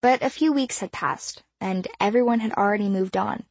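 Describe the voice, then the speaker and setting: A woman with a mid-range voice narrates an audiobook in a measured, expressive storytelling manner, in a dry recording.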